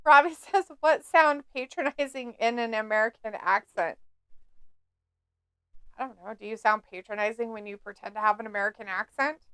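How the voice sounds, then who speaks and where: A woman's voice: a little high, moderate pace, fairly bright tone, clean tone, no echo. A woman co-hosting a live stream, chatting casually, laughing often and reading viewer comments aloud. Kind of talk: casual watch-along chat.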